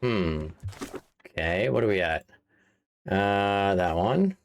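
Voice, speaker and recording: A man's voice: lowish voice, expressive, slow, slight background noise. Chatty, amused male game streamer. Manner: chatty, amused, thinks aloud. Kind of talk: casual let's-play commentary.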